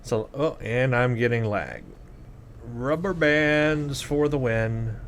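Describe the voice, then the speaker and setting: A man narrating his gameplay as a let's play host, musing over his troubles in an exasperated, self-deprecating way. His pitch sits in the middle, and faint noise hums behind him. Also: slow, fairly bright tone. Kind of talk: gameplay commentary.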